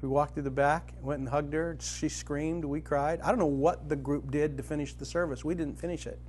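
A man's voice: brisk, a little hiss or hum. Middle-aged man preaching a heartfelt sermon. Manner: storytelling, grows animated and loud when dramatizing, soft and low when tender.

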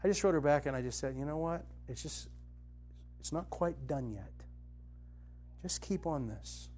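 A middle-aged man giving a conversational spiritual teaching, telling personal stories earnestly, his voice dropping soft and low, then rising with conviction. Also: expressive, moderate pace, slight background noise. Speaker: Christian teacher and author.

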